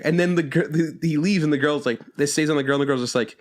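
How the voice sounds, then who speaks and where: Fast-talking, profane male podcast host. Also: fairly high pitch. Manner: rambling, profane, acts out quotes. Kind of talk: casual chat about anime.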